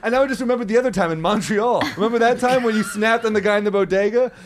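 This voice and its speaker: A man chatting casually, teasing his friends and telling an animated story. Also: high voice, very fast, a little hiss or hum. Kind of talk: casual chat.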